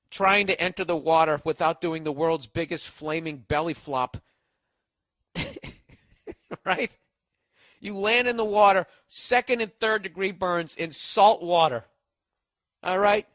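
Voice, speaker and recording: A man's voice: on the high side, pushed and bright, no room sound, clean studio sound. A man hosting a podcast, reading out listener mail in a sarcastic, profane, mocking comic rant. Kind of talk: comic ranting monologue.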